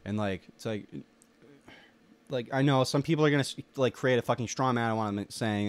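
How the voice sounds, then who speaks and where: A man's voice: mid-range voice, a little fast, no echo. A young man in a rambling solo monologue, ranting with heavy swearing and lots of filler words. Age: young adult. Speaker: solo podcaster.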